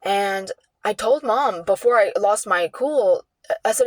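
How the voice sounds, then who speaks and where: A woman vlogging an emotional personal story in a rambling, halting way, full of restarts and repeats. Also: medium pitch, a little mellow, no room sound.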